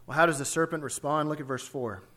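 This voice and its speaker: A man's voice: a little high, fast, pushed and bright. A man preaching an expository sermon, emphatic and full of rhetorical questions.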